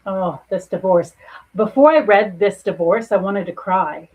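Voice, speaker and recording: A woman's voice: mid-range voice, unhurried, breathy edge, narrow, tinny audio. A middle-aged woman, a psychic medium, giving earnest and reassuring spiritual readings to viewers in a soothing way.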